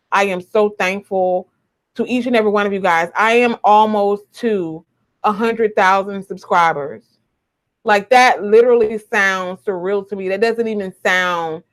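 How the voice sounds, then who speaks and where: Chatty woman on a webcam. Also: medium pitch. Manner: chatty, emotional, repeats herself. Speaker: YouTuber. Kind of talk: casual live stream chat. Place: home. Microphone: webcam or phone.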